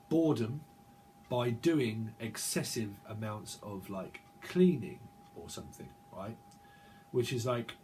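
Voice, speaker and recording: A man's voice: mid-range voice, darkish tone, a little hiss or hum. A man giving a channelled tarot reading, rambling and repeating words over and over in long chanted strings. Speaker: tarot reader.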